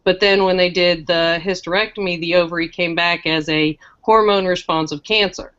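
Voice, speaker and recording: A woman talking frankly and with dark humor in a casual chat, getting lively when she quotes people. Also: fairly low pitch, moderate pace, dull audio. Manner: frank, joking, animated when quoting. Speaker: guest sharing her cancer story.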